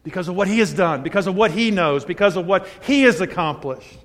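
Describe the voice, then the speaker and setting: A man in his sixties preaching a sermon, moving between loud emphatic peaks and hushed, quiet asides. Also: high voice, expressive, fairly quick. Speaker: pastor. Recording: long hall reverb.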